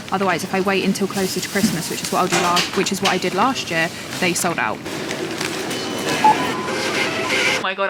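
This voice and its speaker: A young British woman vlogging casually at home, gushing and excitable, full of "literally" and "like". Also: on the low side, very noisy. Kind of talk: casual vlog chat.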